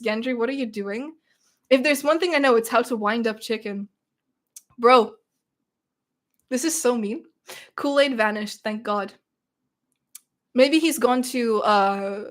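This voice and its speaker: A woman's voice: fairly high pitch, a bit bright. A young woman from Russia hosting a casual livestream Q&A, reading chat comments aloud and bantering playfully. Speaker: streamer.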